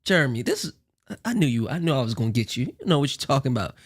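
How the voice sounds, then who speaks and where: A man's voice: medium pitch, sing-song, racing, slightly rough. A man hosting a casual reaction commentary, joking and rambling in asides. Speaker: commentary host.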